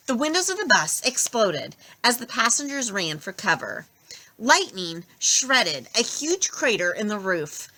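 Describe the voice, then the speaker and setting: A young adult woman reading a novel aloud with expressive, lively narration. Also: mid-range voice. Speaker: storybook reader.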